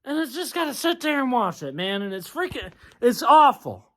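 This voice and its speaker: A man's voice: very high voice, big pitch swings, normal speed. A young man venting in a halftime rant, exasperated and swearing often. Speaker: sports vlogger.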